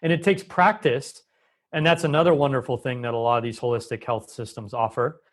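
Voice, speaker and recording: A man's voice: medium pitch, steady tone, a little fast. A man as a guest in a conversational interview, explaining with emphasis and changing his pace often. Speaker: Ayurvedic doctor, guest.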